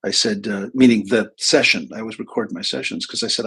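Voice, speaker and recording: Middle-aged male host, husky, low, loose anecdotal livestream chatter. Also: steady tone, fairly quick, few pauses, fairly bright tone, low-quality recording. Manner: rambling, anecdotal, many restarts and asides. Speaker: host, psychic and intuitive teacher. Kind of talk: casual livestream talk.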